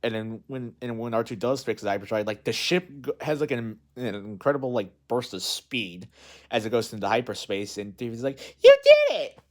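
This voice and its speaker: A man's voice: medium pitch, brisk. A man casually recapping a movie in a rambling, unscripted way, full of fillers and restarts. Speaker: movie vlogger.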